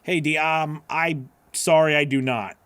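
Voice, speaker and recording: A man's voice: on the high side, steady tone, measured pace, fairly bright tone, clean tone, no room sound. A man hosting a live voice-over class, answering chat questions in an earnest, encouraging way that rambles with restarts.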